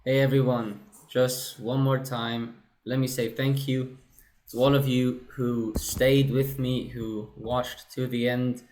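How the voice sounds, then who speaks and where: A man's voice: mid-range voice, flat delivery, slow, a little mellow. A man walking through how he produced his own song, talking casually and correcting himself as he goes. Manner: casual and self-correcting, often says "right". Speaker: music producer. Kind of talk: screen-recorded production walkthrough.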